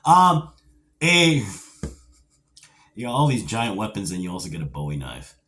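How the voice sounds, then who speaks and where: A middle-aged man reviewing a vintage action figure, talking in a rambling, animated way with playful asides and geeky nostalgia. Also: on the low side, moderate pace, a little hiss or hum. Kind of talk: casual video review.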